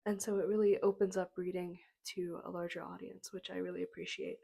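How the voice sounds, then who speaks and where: A young woman vlogging casually about books at home on a small mic, a little hoarse from a cold and sprinkling her talk with ums. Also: on the low side, brisk. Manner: relaxed, frequent ums, soft-spoken. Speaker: book vlogger. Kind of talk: casual talking-to-camera vlog. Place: home room with books behind. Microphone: small clip-on mic.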